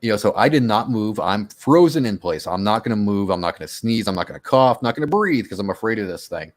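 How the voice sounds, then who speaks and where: A man casually telling his own monster encounter story on a radio show, animated and acting out his own quotes. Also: lowish voice, fast talker.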